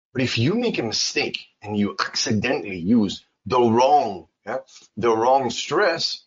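A man's voice: on the low side, breathy edge. A man teaching English pronunciation to learners in a casual spoken lesson, repeating words for emphasis. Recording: dull lo-fi sound.

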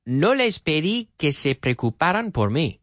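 Man with a lively voice teaching English. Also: a little high. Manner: repeats phrases slowly, then explains. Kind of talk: language lesson, translating and explaining phrases.

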